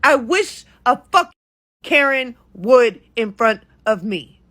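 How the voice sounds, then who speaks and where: A woman with a high, bright, piercing voice delivers an exasperated reaction rant. She swears freely and keeps the heat up from line to line. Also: animated, slow. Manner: profane, exasperated, heated. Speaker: content creator. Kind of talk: ranting reaction commentary.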